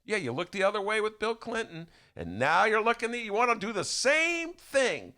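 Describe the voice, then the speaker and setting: A man's voice: sits high, big pitch swings, moderate pace, sharp tone. A man giving an indignant, stumbling political rant on a talk podcast, recorded at a studio microphone. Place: radio-style studio.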